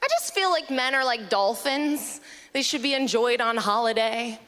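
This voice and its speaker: A woman performing a stand-up comedy set on a festival stage, dry and quick-witted, on a handheld mic. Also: fairly high pitch, expressive, noisy background.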